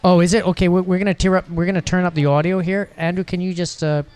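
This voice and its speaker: A man's voice: high-pitched, level tone, fast, a little mellow, smooth. A man with a slightly raised voice co-hosts a loose, casual podcast. He jokes and teases, and he rambles from one thought to the next. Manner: joking, rambling, teasing. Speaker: podcast co-host.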